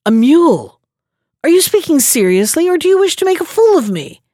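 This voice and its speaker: A woman's voice: sits high, very animated, fairly quick, mellow, no echo, studio quality, pitched above the performer's own voice. A woman voicing a crafty male knave in a storybook reading, speaking with false pity. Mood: falsely pitying.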